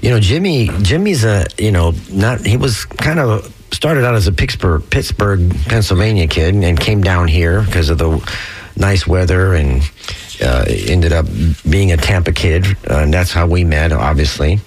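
This male host is in his sixties and keeps the talk loose and friendly. His voice sits fairly low, and he chuckles and drops short "right" and "yeah" replies while his guest talks. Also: animated, moderate pace, breathy edge. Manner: easygoing, chuckling, backchannels. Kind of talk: casual chat.

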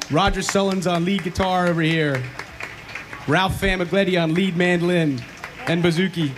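A man introducing band members from a stage between songs, in a brisk announcing way. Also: sits high, fairly even intonation, a crowd in the background, noisy background. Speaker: bandleader. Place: live music venue.

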